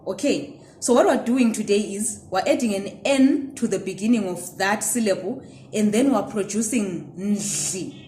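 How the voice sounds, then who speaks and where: A woman from Zimbabwe teaching a pronunciation lesson, drawing out each sound and repeating it clearly for learners to follow. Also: medium pitch, mellow, roomy sound, slight background noise. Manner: drawn-out repetitions of sounds, friendly and encouraging. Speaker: language teacher.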